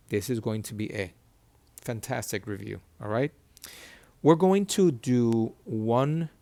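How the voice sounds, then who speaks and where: A man's voice: on the low side, warm tone, no room sound. A man teaching a Hebrew reading lesson at a board, patiently repeating key terms and asking checking questions. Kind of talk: whiteboard lesson.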